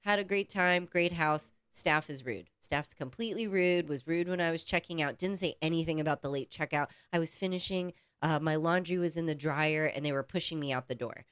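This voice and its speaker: A woman co-hosting a podcast, telling a story in casual, animated chat and swearing freely. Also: low voice, fairly quick, hardly any pauses, clear, resonant tone, dry recording, clean studio sound. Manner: animated, profane, acts out quoted people. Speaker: podcast co-host.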